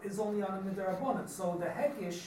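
A student asking hesitant, halting questions in a study class. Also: mid-range voice, a little mellow, slight background noise. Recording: echoey, distant room mic.

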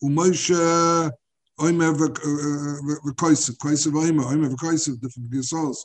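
A man teaching a Talmud class, halting and repeating words as he searches for them. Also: a little high, steady tone.

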